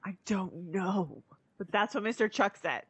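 A woman taking part as a player in a tabletop role-playing game, soft and matter-of-fact. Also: medium pitch, expressive, measured pace, breathy edge, no echo. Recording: dull, dry lo-fi mic.

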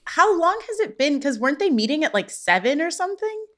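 A woman co-hosting a podcast, chatting casually and reacting quickly. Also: high-pitched, very animated. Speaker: podcast co-host. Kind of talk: casual chat.

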